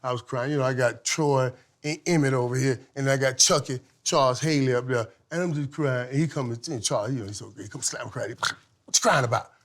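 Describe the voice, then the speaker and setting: A middle-aged man, a former football player, telling lively stories as a podcast guest, laughing often and swinging from loud to hushed. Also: medium pitch, fairly quick. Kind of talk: animated storytelling in casual chat.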